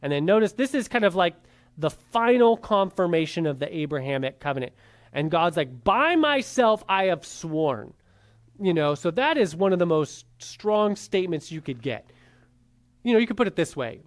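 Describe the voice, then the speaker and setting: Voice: medium pitch, lively intonation, moderate pace. A Bible class teacher giving an informal lecture, talking casually with many fillers and tag questions, and putting rhetorical questions to the class before answering them.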